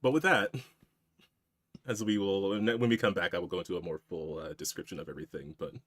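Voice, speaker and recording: A man's voice: sits low, fairly quick, fairly bright tone, no room sound, studio quality. A man serving as game master on a tabletop game stream, laughing often as he tries out a southern drawl.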